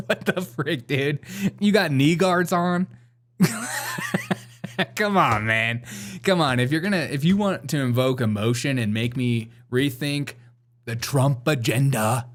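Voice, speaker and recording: A man's voice: medium pitch, slight background noise. A man hosting a comedy news show, commenting sarcastically on a video and laughing often.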